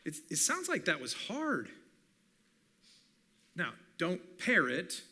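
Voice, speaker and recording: A man who is a communications professor, giving an animated teaching talk at a church and acting out bits of dialogue. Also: high-pitched, takes it slowly, husky. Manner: animated, acts out quoted dialogue.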